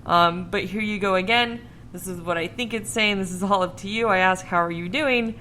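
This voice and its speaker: A woman's voice: mid-range voice, moderate pace, bright, forceful tone, a little hiss or hum. A woman hosting a podcast in casual chat, laughing often and swearing freely. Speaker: podcast host.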